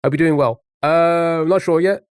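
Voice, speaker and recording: A man's voice: on the high side, normal speed, clean tone, dry recording, studio quality. A man streaming live, chatting casually with viewers and thinking aloud while guessing words. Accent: non-American English.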